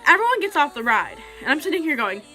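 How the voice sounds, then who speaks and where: A teenage girl vlogs in a rushed, rambling storytelling style. Her voice sits a little high and sounds bright and sharp. Faint music plays underneath. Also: big pitch swings. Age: teenager, about 16. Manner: chatty, rambling, heavy use of "like". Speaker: vlogger. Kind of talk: casual storytelling to camera.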